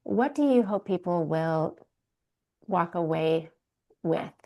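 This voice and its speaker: A woman's voice: fairly low pitch, expressive, slow, vocal fry, darkish tone. A woman, a professor, hosting an interview and responding with appreciation before asking questions.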